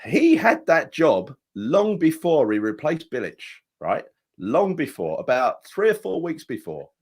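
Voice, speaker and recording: A man's voice: a little high, wildly swooping pitch, a little slow, breathy edge. A man co-hosting a football fan podcast, rambling and swearing as he chats. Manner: rambling, swears often, mock-dramatic. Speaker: podcast co-host. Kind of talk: casual fan chat.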